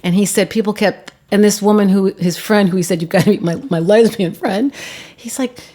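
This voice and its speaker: Animated woman telling a story. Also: brisk. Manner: acts out quoted voices, shifting pitch and volume; drops to a hushed, quiet tone on grim topics. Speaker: guest, documentary filmmaker.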